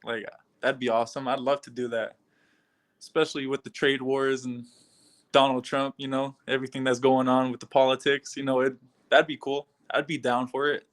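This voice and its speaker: A young man with an average, middle-pitched voice, answering questions over a video call. He talks in an easygoing, laid-back way and breaks into soft laughs now and then. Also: little pitch movement, moderate pace. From Canada. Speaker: fighter being interviewed. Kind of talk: casual interview answers.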